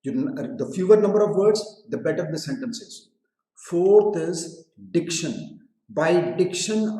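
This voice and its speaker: A man's voice: fairly high pitch, mellow. A man with an Indian English accent teaching a live online English lesson, explaining patiently, repeating phrases, asking students questions and slipping into Hindi. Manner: addresses students directly with questions. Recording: echoey room.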